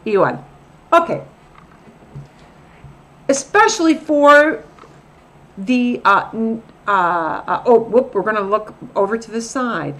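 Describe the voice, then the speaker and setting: A woman's voice: fairly high pitch, expressive, moderate pace, long pauses, a bit bright. A woman teaching a recorded grammar lesson as a Spanish teacher, patiently repeating example phrases.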